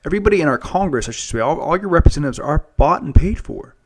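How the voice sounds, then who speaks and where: A man's voice: on the high side, animated, fast talker. A man hosting a casual monologue show, rambling and earnest, often restarting and repeating words. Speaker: podcast host.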